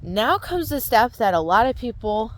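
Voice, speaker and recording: With a fairly high, sing-song voice at normal speed, a woman who works as a mindset coach chats conversationally to camera. She walks her viewers through ideas step by step, frequently asking "right?"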